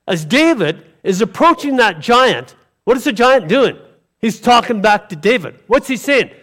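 A male pastor delivers a sermon with a high voice. He throws out rhetorical questions and calls for a response, pressing each point with emphasis. The delivery is lively and insistent. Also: normal speed.

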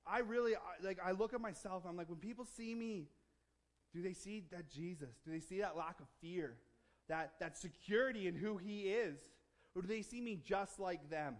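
A man with a high voice preaching a sermon in church. He talks casually and jokes with the congregation, then builds into emphatic, rising declarations. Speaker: pastor.

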